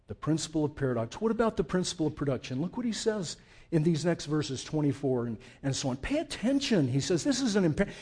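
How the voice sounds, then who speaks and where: A man preaching a sermon with emphasis, who asks the congregation questions and moves between loud and hushed passages. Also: fairly high pitch, husky. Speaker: pastor.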